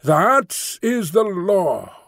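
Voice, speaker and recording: Man doing a hunched beast-man, thick whistling voice, slow commanding sing-song, pitched a bit high, dry close sound, audiobook. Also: very animated, vocal fry, fairly bright tone, no echo, exaggerated voice. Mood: intoning. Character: hunched beast-man chanting a law in the dark. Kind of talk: audiobook character voice.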